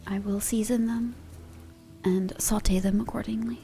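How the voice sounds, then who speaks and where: Woman, ASMR streamer, slow unhurried pace, soft whispers mixed with quiet talk, playful, home sound booth. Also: mid-range voice, fairly even intonation, faint music behind. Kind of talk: casual live-stream chat in ASMR.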